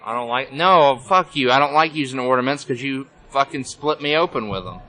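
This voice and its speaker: A man's voice: medium pitch, a little fast, bright, forceful tone, poor audio. A man guesting on a podcast at a convention, swearing a lot and joking as he tells stories. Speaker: pro wrestler guest. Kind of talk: casual interview. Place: busy convention hall.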